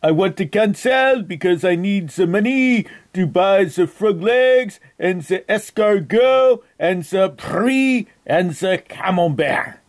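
A man playing a stubborn, fussy French immigrant on a prank call, with an exaggerated put-on French accent and deadpan repeated demands. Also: high-pitched, slow pace, hardly any pauses. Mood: plaintive. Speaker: prank caller.

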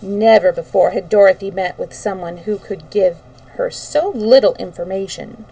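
A woman reading a children's book aloud for a livestream, relaxed and unhurried. Her voice is gravelly and mellow. It comes from a slightly distant mic. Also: medium pitch. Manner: relaxed, with small slips. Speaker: storyteller.

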